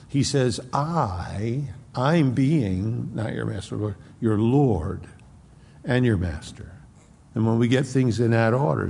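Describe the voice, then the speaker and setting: A man's voice: fairly low pitch, creaky, warm tone, long reverb tail, a little hiss or hum. A man preaching an expository sermon as pastor, conversational and acting out quoted speech.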